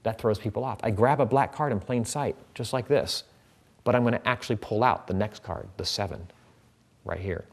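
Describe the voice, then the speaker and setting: A man's voice: on the low side, moderate pace. A man teaching a card trick in a casual tutorial, chatting as he handles the cards.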